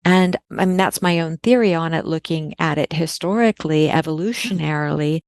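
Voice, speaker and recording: Low-voiced woman with a gravelly edge. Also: a little fast, darkish tone, no echo. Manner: earnest, emphatic, repeats key words for stress. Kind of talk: podcast conversation.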